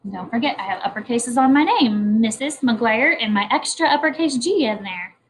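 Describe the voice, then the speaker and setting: A woman's voice: on the high side, expressive, moderate pace, slight background noise, low-quality recording. A woman teacher leading a morning message lesson for young children, speaking in a patient, encouraging way. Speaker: kindergarten teacher.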